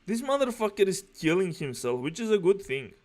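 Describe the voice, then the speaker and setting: Male reaction commentator, profane and aggressive, mocks everything, slightly high voice. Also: big pitch swings, a little fast, a little mellow. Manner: profane, aggressive mocking rants.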